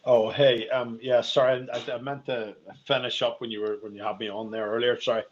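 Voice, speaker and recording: A man's voice: medium pitch, level tone, fairly quick, lo-fi sound. A man calling into a live audio chat, hesitant and apologetic, full of fillers. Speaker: caller.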